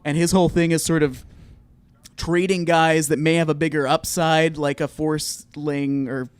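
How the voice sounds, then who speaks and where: A man's voice: a little high, flat delivery, normal speed, smooth, dry recording. A man co-hosting a casual sports podcast, thinking aloud with hedges and wry remarks. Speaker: podcast co-host.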